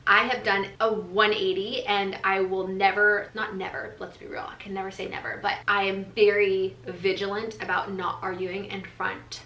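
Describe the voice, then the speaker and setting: A woman's voice: medium pitch, level tone, normal speed, few pauses, pushed and bright, lo-fi sound, a little hiss or hum. A woman vlogger telling a story in a frank, chatty way, full of filler words. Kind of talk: storytime chat. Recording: roomy echo.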